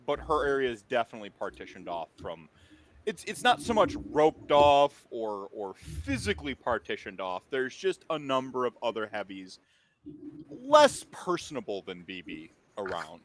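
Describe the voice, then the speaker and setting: Chatty midwestern game master, lively pitch. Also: male voice, normal speed. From American Midwest. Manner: rambling, filler-heavy, laughing often. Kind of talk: narrating a tabletop role-playing game.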